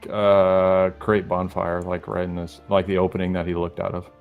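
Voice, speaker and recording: A man playing in a tabletop game, talking casually and haltingly with many restarts. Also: low-pitched, completely flat delivery, narrow, tinny audio, soft background music. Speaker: player.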